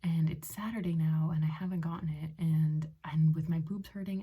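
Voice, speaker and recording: A woman in her late twenties vlogging casually from home, rambling excitedly with lots of "like" and "um". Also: low-pitched, fast talker, hardly any pauses, muffled recording. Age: late 20s. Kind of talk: casual personal vlog. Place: at home in a bedroom.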